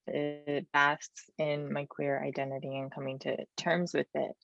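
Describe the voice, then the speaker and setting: A woman with a raspy voice, a poet and activist answering interview questions and reading her poetry over a video call, feeling for her words with frequent ums and restarts. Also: low-pitched, flat delivery, measured pace, fairly bright tone. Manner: thoughtful, searching for words, many ums and restarts. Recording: dull, dry video-call audio.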